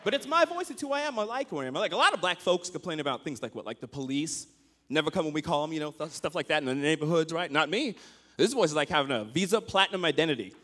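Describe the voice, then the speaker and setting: A man's voice: fairly high pitch, expressive, fast, fairly bright tone. A man doing a self-mocking stand-up comedy set on a club stage, full of asides. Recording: noisy comedy club with crowd.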